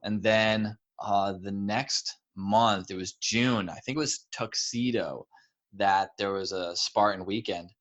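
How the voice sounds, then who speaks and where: A young adult man chatting as an interview guest, relaxed and conversational. He tells stories with energy, acting out what others said in a higher, louder voice. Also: takes it slowly. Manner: animated storyteller, acts out quotes in a raised voice. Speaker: guest, pro obstacle course racer. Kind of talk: casual interview chat.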